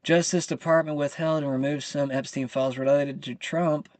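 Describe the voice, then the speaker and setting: A man's voice: fairly high pitch, steady tone, moderate pace, darkish tone, no echo. Fired-up man ranting on his channel. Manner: heated, profane, venting. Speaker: channel host. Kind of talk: live commentary rant.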